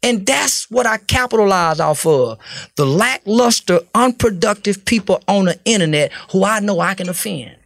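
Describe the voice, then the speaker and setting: A man's voice: high-pitched, lively intonation, moderate pace, creaky, a bit bright, no room sound. A man from Fort Worth, giving an interview in blunt, profane, preachy street talk. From Fort Worth, Texas. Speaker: interview guest.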